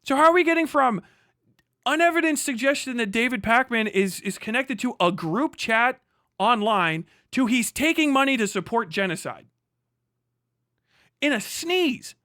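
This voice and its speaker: A man's voice: very high-pitched, expressive, normal speed, pushed and bright, no room sound, clean studio sound. A man streaming live, ranting angrily with heavy profanity and sarcasm as he reacts to an article.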